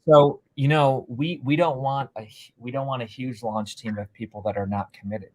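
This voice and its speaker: A man hosting a live stream interview, talking with energetic, salesy push and repeating himself. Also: medium pitch, normal speed. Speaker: host.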